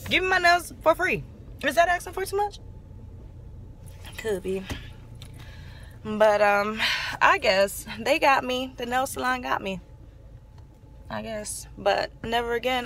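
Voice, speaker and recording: A woman's voice: fairly high pitch, vocal fry, bright, forceful tone, a little hiss or hum. A young woman, telling a story in a casual, emphatic vlog while walking outdoors on a city street with a handheld phone camera. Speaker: vlogger.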